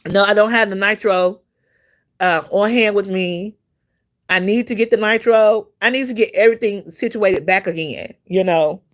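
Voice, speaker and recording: At a moderate pace and in a mid-range voice, a woman hosts a casual livestream. She rambles through a long personal story, repeating herself, using plenty of fillers, and pausing to greet viewers by name.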